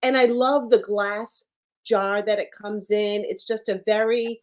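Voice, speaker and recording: A woman hosting a casual chat, expressive and quick to chime in with her own experience. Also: mid-range voice. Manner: expressive, chatty, quick agreeing. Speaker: host.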